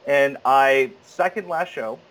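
A young man, a stage actor, talking in a casual interview in a rambling, animated way with many fillers and restarts. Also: mid-range voice, slow, crowd noise, poor audio.

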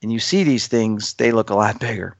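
A man's voice: lowish voice, a little fast, creaky, no echo. A man in his fifties, a guest telling a personal story in casual conversation, acting out voices as he goes. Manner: animated, acts out dialogue with his voice. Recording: dull lo-fi dry sound.

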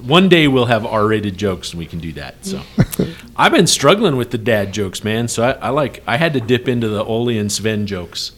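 A man's voice: lowish voice, expressive, normal speed, fairly bright tone. A man co-hosting a casual workplace podcast, telling a long joke story and laughing often. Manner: laughs a lot while telling jokes. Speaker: podcast co-host.

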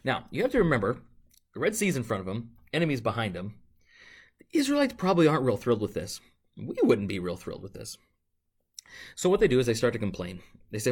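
A man's voice: medium pitch, sing-song, fast talker. Conversational male pastor preaching. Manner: conversational, asks "right?" often, acts out complaints in a mocking voice. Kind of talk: sermon.

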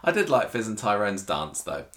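Chatty man, fairly low voice. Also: sing-song, moderate pace, a bit bright. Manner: chatty, rambling with fillers. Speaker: podcast co-host. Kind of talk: casual chat, reading listener feedback.

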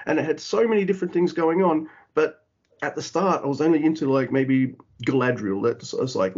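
Husky-voiced Australian man chatting. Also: medium pitch, fairly quick, dull audio. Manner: animated, acts out his own reactions in quotes. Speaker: podcast co-host. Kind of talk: casual chat.

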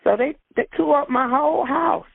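A woman with a high voice and vocal fry, speaking at a moderate pace, recounts a personal ordeal in an interview. She is emotional, repeats herself, and acts out the dialogue. The sound is tinny, phone-like and dry.

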